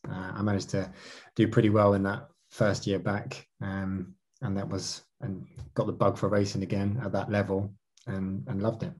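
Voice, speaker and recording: Husky low-voiced guy telling race stories in an interview, lots of restarts. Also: moderate pace. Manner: animated, many restarts. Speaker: marathon canoe racer. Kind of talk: interview answers.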